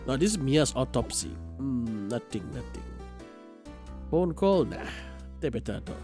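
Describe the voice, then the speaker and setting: A man's voice: medium pitch, sing-song, unhurried, dark tone, faint music behind. A man streaming a video game, giving casual live commentary and thinking aloud.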